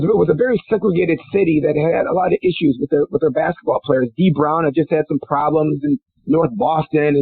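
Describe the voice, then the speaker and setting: A middle-aged former football player from Minnesota tells stories in a casual interview, rambling with many restarts and fillers and laughing in high-pitched bursts. His voice is gravelly and slightly rough, heard over a dry, phone-like line.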